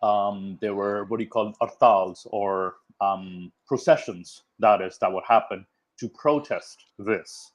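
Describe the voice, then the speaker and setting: A man's voice: fairly low pitch, unhurried, lo-fi sound. Reflective man recalling memories. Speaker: podcast guest. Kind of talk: casual discussion.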